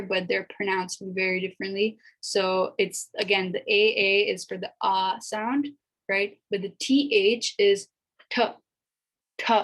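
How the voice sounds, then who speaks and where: A woman giving a casual spoken language lesson, chatty and repeating each sound slowly for learners to copy. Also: mid-range voice, a bit bright, rough recording. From America. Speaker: language teacher.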